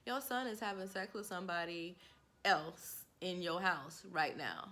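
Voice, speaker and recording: A woman's voice: lowish voice, a little slow. A woman in her forties casually telling a personal story to camera, candid and laughing, acting out what people said. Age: 40s. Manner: candid, laughing, animated quoting. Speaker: vlogger.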